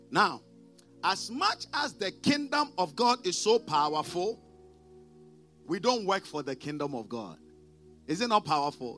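High, lively preaching pastor. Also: male voice. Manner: preaching with call-and-response prompts to the congregation; emphatic, swings between loud declarations and quiet asides. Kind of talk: sermon.

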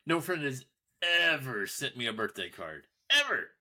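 A man's voice: mid-range voice, wildly swooping pitch, moderate pace, sharp tone. A man co-hosting a podcast, rambling through stories in easygoing casual chat. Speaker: podcast co-host.

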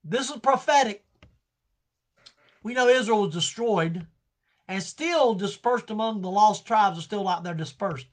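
A man teaching a Bible study in an impassioned preaching style. He pleads with his listeners and swings from quiet, low lines to shouted ones. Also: a little slow, long pauses.

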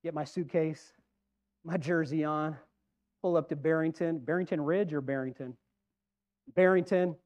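Preacher guy, fairly high voice, chatty rambling sermon, keeps asking the crowd stuff. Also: fairly even intonation, moderate pace, long pauses, a little mellow, lo-fi sound. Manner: rambling, asks the congregation questions. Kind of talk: conversational sermon.

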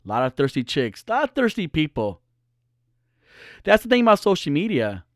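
A man tells a personal story as a casual monologue, swearing freely and ranting as he goes. His voice sits a little high for a man and swings widely up and down in pitch. The recording is close and dry, with almost no room sound. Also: fairly quick, no echo. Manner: profane, animated and ranting. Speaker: podcaster and social media personality.

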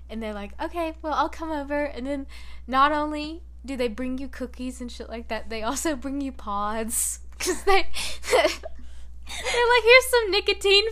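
A woman's voice: a little high, a bit bright. A young adult woman hosting a podcast, chatting casually with lots of swearing and laughing as she acts out quoted lines. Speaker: podcast host. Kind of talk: casual chat.

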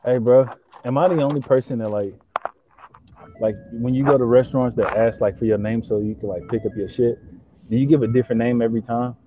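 A young man in casual chat, excitable and slangy, swearing and stacking fillers as he talks. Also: mid-range voice, brisk, noisy background. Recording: dull lo-fi sound.

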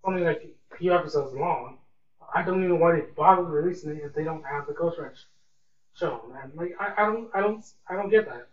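A man's voice: fairly high pitch, brisk. A young man hosting a casual solo podcast, rambling and repeating words like "really" and "man". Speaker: podcast host. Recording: echoey room, distant mic, dull lo-fi sound, faint hiss.

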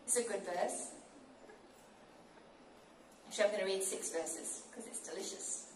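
A woman preaching a sermon with emphatic delivery, slowing down to stress key words. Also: mid-range voice, a little hiss or hum. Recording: echoey room, mic at a distance.

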